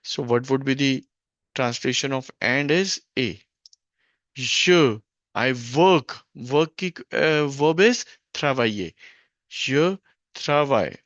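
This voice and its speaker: A man teaching a French grammar lesson from a worksheet, slow and stop-start, often correcting himself, on a dull lo-fi recording. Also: mid-range voice, expressive, a bit bright, dry recording.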